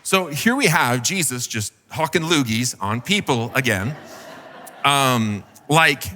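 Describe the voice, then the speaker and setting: A man's voice: medium pitch, animated, slow pace, bright, forceful tone, in a large hall, slight background noise. A man preaching a sermon as pastor, telling a story casually with fillers and acted quotes.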